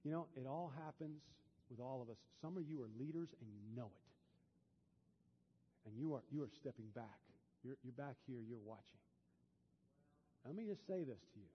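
A pastor preaching a sermon in a church, dropping to a hush and then building to loud, fervent peaks. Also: male voice, mid-range voice, animated, normal speed, long pauses, slight background noise. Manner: swings from hushed to loud and fervent. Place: church sanctuary. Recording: dull, long hall reverb.

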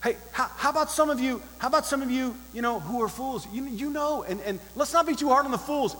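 Male pastor, sermon, high bright voice, emphatic, questions the crowd directly. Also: fast, few pauses, long reverb tail, poor audio.

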